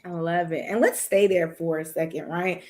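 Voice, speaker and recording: A woman's voice: lowish voice, steady tone, moderate pace, darkish tone. Enthusiastic woman host on a video call. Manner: enthusiastic, hypes up the guest. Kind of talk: virtual summit interview.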